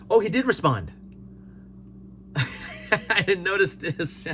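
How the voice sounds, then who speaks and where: A man's voice: a little high, big pitch swings, extremely slow, pauses often, fairly bright tone, a little hiss or hum. A man hosting a casual solo commentary show, reading viewer comments aloud and replying with dry chuckles. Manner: laid-back, reads comments aloud and replies with chuckles.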